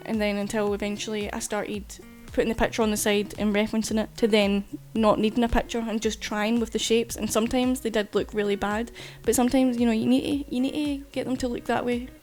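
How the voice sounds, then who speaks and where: A woman's voice: a little high, level tone, fast, hardly any pauses, a little mellow, soft background music. A woman artist chatting casually while streaming, rambling and swearing freely. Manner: chatty, loose, swears casually, frequent fillers. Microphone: desk mic while streaming.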